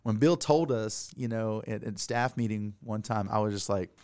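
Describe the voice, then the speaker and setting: A man's voice: fairly low pitch, normal speed, a little mellow, a little hiss or hum. A man hosting a faith interview, rambling and repeating words with enthusiasm. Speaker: podcast host. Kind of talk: casual interview.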